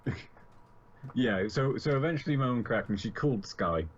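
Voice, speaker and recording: A man's voice: mid-range voice, moderate pace. Man on a lo-fi call. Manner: laughs often, dry asides. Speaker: podcast guest. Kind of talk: casual chat over a video call. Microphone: video call. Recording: lo-fi internet call.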